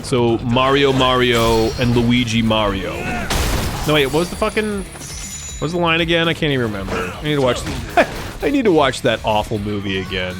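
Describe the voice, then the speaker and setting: A man's voice: mid-range voice, lively intonation, normal speed, over music. A man streaming a video game live, commenting in a rambling, jokey and profane way.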